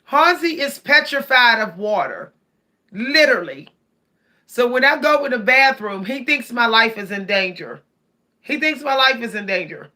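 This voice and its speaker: A woman telling animated, laughing stories to her viewers in a casual vlog. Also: on the high side, moderate pace. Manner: animated, laughs often, addresses viewers directly. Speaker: cat owner vlogger.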